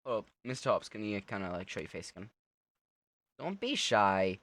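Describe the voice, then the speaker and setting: A man's voice: on the low side, wildly swooping pitch, moderate pace, long pauses, a bit bright. A young man casually joking through a horror game, teasing the monster with lots of laughter. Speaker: gamer playing a horror game. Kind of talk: casual let's-play commentary.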